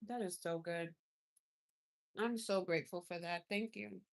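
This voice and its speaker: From inside her car, a young woman with a lowish voice and vocal fry does a casual makeup livestream, speaking a little slowly. She chats effusively with viewers and reacts to the gifts they send.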